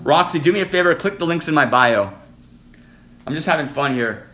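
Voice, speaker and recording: Man live-streamer, slightly high voice, flirty and teasing, clear guitar music behind. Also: lively intonation, pushed and bright. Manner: flirty, teasing, rapid-fire comments to viewers. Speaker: livestream host. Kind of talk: casual live-stream chat with viewers. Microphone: phone.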